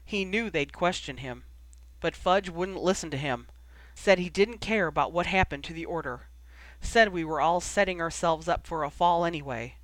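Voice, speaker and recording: A reader voicing a grim, short-tempered young man who speaks tersely, low and rapid when delivering bad news. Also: fairly bright tone, no echo, lightly acted.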